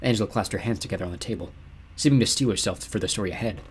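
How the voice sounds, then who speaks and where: A man's voice: on the low side, very fast, husky. A man narrating an audiobook, telling the story expressively and voicing its characters. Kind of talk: scripted narration.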